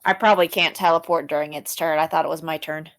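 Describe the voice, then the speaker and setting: A woman's voice: low-pitched, steady tone, fast, a bit bright. A woman playing a tabletop game, talking casually, thinking aloud and asking about the rules. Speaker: player.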